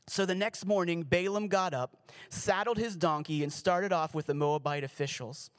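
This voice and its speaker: A man's voice: sits high, normal speed. A man giving a sermon as pastor, reading scripture and adding casual, joking asides.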